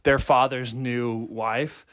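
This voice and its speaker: A man's voice: medium pitch, steady tone, takes it slowly, fairly bright tone. Co-host, man, rambling earnest film talk, lots of fillers. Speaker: podcast co-host. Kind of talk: casual movie review chat.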